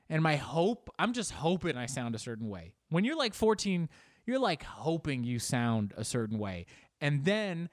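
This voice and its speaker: Male podcast host, comic rant, lively swooping pitch, slightly high voice. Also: dry recording, clean studio sound. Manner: animated, rambling, profane. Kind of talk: comedic monologue.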